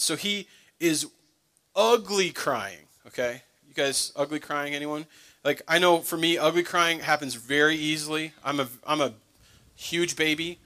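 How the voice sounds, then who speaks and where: A man's voice: a little high, bright, forceful tone. A young adult man, a pastor, preaching a conversational sermon with joking asides to his congregation.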